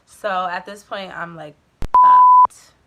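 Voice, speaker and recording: A woman's voice: medium pitch, expressive, moderate pace, phone-quality sound, heavy background noise. Chatty young woman telling a storytime. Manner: candid and chatty, swears, many "like" fillers. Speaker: vlogger. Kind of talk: casual storytime. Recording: music playing under the voice.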